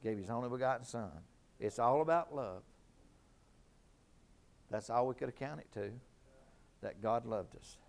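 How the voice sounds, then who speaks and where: A man's voice: mid-range voice, unhurried, gravelly, pauses often. A middle-aged man preaching a sermon in a fervent, emphatic way, repeating his key lines.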